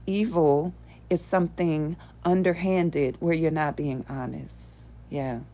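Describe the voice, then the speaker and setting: A woman's voice: deep voice, fairly even intonation, slow, mellow. A woman hosting a show, teaching spiritual principles to a live audience in an earnest, conversational way and often asking them rhetorical questions.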